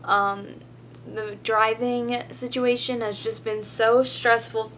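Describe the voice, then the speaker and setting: A woman's voice: fairly high pitch, level tone, slow pace, a bit bright, a little hiss or hum. Chatty teenage girl, tearful. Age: teens. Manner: chatty, rambling with many "like" fillers. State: tearful, emotional. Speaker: vlogger. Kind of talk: casual storytelling vlog.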